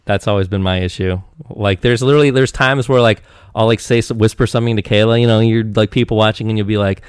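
A man's voice: fairly low pitch, fast talker, clear, resonant tone. A young man from Eastern Washington, a podcast guest, chatting casually into a handheld mic and rambling with lots of restarts and fillers. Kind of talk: casual chat.

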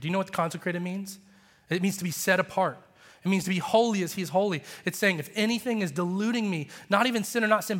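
Pastor, male, high voice, impassioned preaching style, church hall with long reverb. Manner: passionate, animated preaching with rising emphasis. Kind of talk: sermon. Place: church sanctuary.

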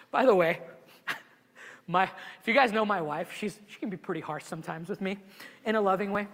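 Male pastor, very high and bright voice, emotional sermon delivery, church hall reverb. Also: moderate pace, pauses often. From immigrated to the US at twelve. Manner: emotional, animated preaching with many restarts. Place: church sanctuary.

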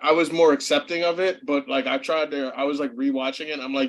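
A man co-hosting a podcast in casual chat, relaxed and joking. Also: a little high, quick pace.

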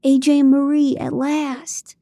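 A man's voice: extremely high pitch, monotone, unhurried, vocal fry, dark tone, no echo, clean studio sound, pitched above the performer's own voice, exaggerated voice. Woman doing an eager, clueless young man.

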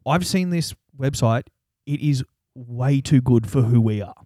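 A man's voice: medium pitch, unhurried, mellow, dry recording, studio quality. A man, co-hosting a podcast in casual chat and laughing often as he banters. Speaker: podcast co-host.

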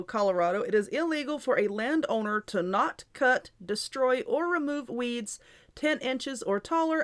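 A middle-aged woman reads an article aloud on her own show, tossing in chatty asides and small laughs. Her voice sits a little high for a woman. The tone is loose and conversational. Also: a bit bright. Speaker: host. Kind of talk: casual chat reading an article.

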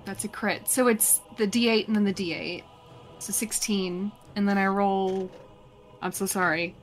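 A woman playing a tabletop role-playing game, talking hesitantly and apologetically with many pauses and ums. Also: medium pitch, steady tone, faint music behind. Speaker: player. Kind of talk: casual tabletop game play.

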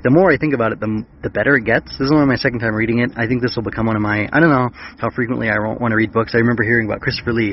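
A man's voice: mid-range voice, highs cut off, slight background noise. Rambling man in a casual book chat. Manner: rambling, many fillers and restarts. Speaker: podcast host.

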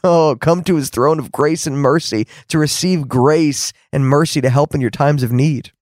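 A man's voice: mid-range voice, a little mellow, no echo, clean studio sound. A man preaching a fervent podcast sermon, repeating words for emphasis and rising to exclamations.

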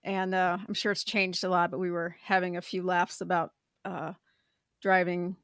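A woman's voice: on the low side, little pitch movement, normal speed, no room sound. A middle-aged woman hosts a podcast, first reading a scripted introduction and then chatting easily. She laughs often, and her voice sits dry and close to the microphone. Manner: bright and warm, laughs often. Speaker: podcast host.

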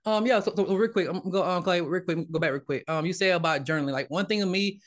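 A man, a married father, telling his story as a podcast guest in casual conversation, animated and often repeating and restarting his words. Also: sits high, quick pace. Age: adult, married father. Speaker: podcast guest, real estate investor.

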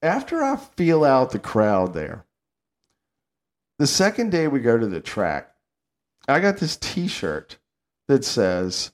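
A man from the Southern United States hosting a podcast, telling stories in a casual, animated way and laughing often. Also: medium pitch, slow, long pauses. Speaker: podcast host. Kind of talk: casual chat.

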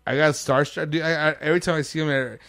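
A man's voice: fairly high pitch, steady tone, fast, fairly bright tone, smooth, dry recording, studio quality. Podcast co-host, man, loose slangy storyteller, laughs a lot. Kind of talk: casual chat.

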